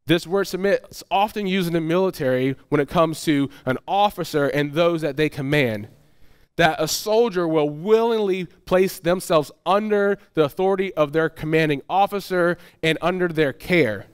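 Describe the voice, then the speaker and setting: A man preaching a sermon in a relaxed, conversational way, often restarting his phrases and slipping into quick acted asides. His voice sits a little high for a man and sounds smooth and clear. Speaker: pastor.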